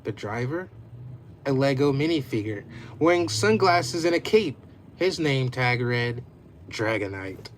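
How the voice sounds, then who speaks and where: A man's voice: mid-range voice, expressive, unhurried, a little hiss or hum. A man reading his own homemade adventure story aloud in a casual, unpolished way.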